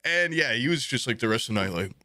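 Young male podcast host, bright voice, dry sound, animated, laughs through his stories, swears freely. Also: mid-range voice, fast talker, no echo. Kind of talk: casual chat.

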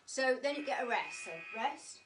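A woman's voice: high voice, expressive, moderate pace, fairly bright tone, distant mic, faint music behind. A woman teaching a live online fitness class, chatty and encouraging, joking as she works out and slightly out of breath. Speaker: pilates instructor.

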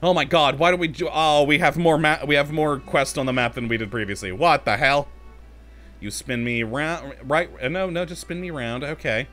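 A man's voice: a little high, moderate pace, a bit bright, faint music behind. A man commentating casually as he plays a video game, talking to himself, easily exasperated and laughing often. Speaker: let's play host.

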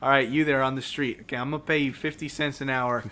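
A man putting on a lower, bossy voice to mock his friend hiring a dumb sidekick. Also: fairly even intonation, fast talker, pushed and bright, lightly acted.

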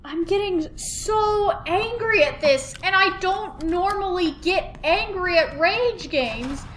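A woman's voice: very high-pitched, expressive, slow, a bit bright, slight background noise. A woman playing a horror game and commenting, panicky, swearing and repeating words in frantic bursts. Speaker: let's play gamer.

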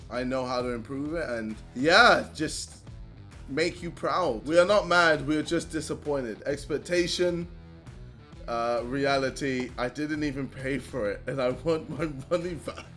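A man's voice: a little high, pushed and bright. Self-mocking young guy vlogging. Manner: self-mocking, laughing and swearing often. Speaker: YouTuber. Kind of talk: casual reaction vlog.

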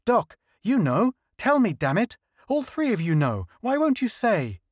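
Male narrator doing a high, jumpy young major; nervous, pleading. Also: huge pitch swings, a little slow, no echo, studio quality, full character voice. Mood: insistent. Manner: anxious, pleading.

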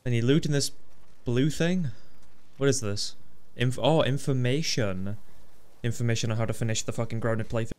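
Swearing, excitable gaming commentator man. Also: mid-range voice, moderate pace. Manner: frustrated, swearing, excitable outbursts. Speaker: gaming channel host. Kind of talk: let's play commentary.

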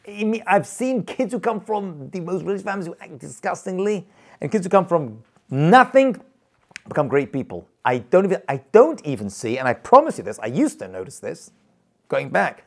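A man's voice: fairly high pitch, vocal fry, a little mellow. A man, a rabbi, teaching a live class in an informal, emphatic way, repeating points and chuckling as he goes. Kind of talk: lively informal lecture to a live group.

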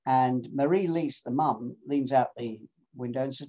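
A man's voice: mid-range voice, normal speed, hardly any pauses, warm tone, lo-fi sound. Jolly man telling travel stories. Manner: chatty, jolly and self-mocking, with playful asides. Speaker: speaker presenting his cycling pilgrimage. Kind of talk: casual storytelling talk with travel video clips.

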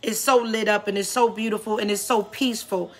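A woman's voice: medium pitch, fairly even intonation, fairly quick. A woman pastor preaching a sermon, urging her listeners on with repeated call-and-response cries. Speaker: pastor and prophetess. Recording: faint music behind.

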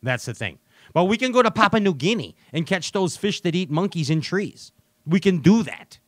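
A man's voice: high-pitched, very animated, normal speed, no room sound, studio quality. A man hosting a fishing talk show, rambling and joking with lots of fillers. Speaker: podcast host. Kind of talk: casual chat.

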